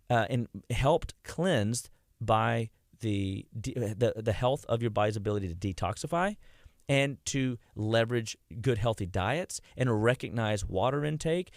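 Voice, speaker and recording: A man's voice: mid-range voice, vocal fry, no room sound, studio quality. A man who is a health clinician, guest on a radio show. He talks energetically to listeners he calls "guys", often restarts and repeats words, and acts out the voices of the people he quotes. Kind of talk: conversational radio health talk.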